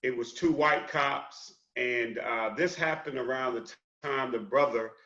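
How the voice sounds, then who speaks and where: A man on a discussion panel gives animated, casual talk and keeps tossing in "man". His voice sounds bright and sharp. It echoes around the room, and the sound is a bit dull. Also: medium pitch, unhurried. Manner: animated, dropping in "man" often.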